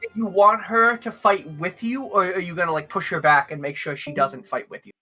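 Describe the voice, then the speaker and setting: Bright-voiced man running a tabletop game. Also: high-pitched, brisk, soft background music. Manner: casual, filler-heavy narration. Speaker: game master.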